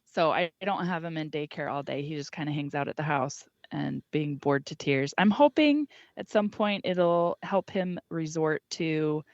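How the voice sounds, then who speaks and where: A woman's voice: deep voice, lively intonation, moderate pace, hardly any pauses, dry recording. A woman in her thirties co-hosting a podcast, rambling frankly in casual chat. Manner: rambling, frank, laughs mid-sentence. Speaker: podcast co-host, working mom. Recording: dull lo-fi podcast audio.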